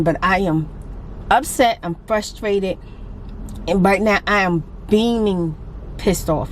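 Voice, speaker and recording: A woman's voice: lowish voice, slight background noise. A woman vlogging casually, venting her frustration in a talkative, laughing way. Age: adult with a grown daughter. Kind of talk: casual vlog talk.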